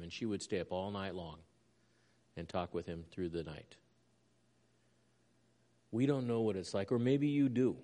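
A man's voice: deep voice, long reverb tail. Impassioned male pastor preaching. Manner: impassioned, rising loud when reading scripture aloud. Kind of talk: sermon.

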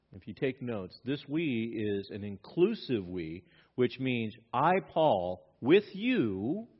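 A man's voice: mid-range voice, husky. A male pastor preaching a sermon, reading scripture aloud and pressing his points with emphatic rises in volume. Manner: emphatic, rising in volume when stressing points. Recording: dull lo-fi sermon recording.

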